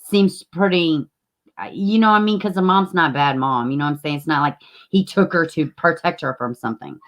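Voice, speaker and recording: A woman's voice: sits low, brisk. Chatty woman hosting a live stream. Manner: chatty, greets viewers by name, swears freely. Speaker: livestream host. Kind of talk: casual live-stream chat.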